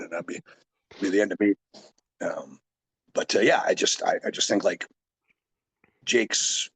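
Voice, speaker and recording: A man's voice: low-pitched, husky. A man in his forties, a pro wrestler and coach, telling rambling stories in a casual interview, full of fillers and asides.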